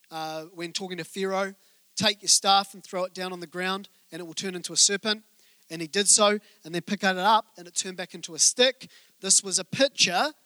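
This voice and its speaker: A middle-aged pastor delivers a sermon in a storytelling way, cracking jokes and turning to the congregation. His voice sits high and sounds bright and forceful. The sound is dry and close. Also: no room sound. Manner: humorous storytelling, asides to the congregation. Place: church hall with congregation.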